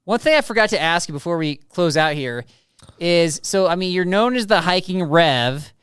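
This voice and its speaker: A male podcast host with a smooth, clear voice, pitched a touch high, keeps the chat upbeat and teasing. The sound is close and dry, with no room echo. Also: animated, normal speed, fairly bright tone. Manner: upbeat and teasing, laughs easily. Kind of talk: casual interview chat.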